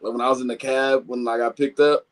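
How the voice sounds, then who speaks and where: A man's voice: mid-range voice, little pitch movement, quick pace, rough recording. A man chatting as a guest, laid-back, with loose slang and lots of fillers. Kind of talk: casual group chat.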